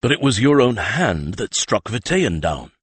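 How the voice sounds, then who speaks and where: A man voicing a gruff, stern older male weapons master who growls and speaks with inverted word order. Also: lowish voice, big pitch swings, unhurried, no echo, pitched above the performer's own voice, full character voice. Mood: grumbling.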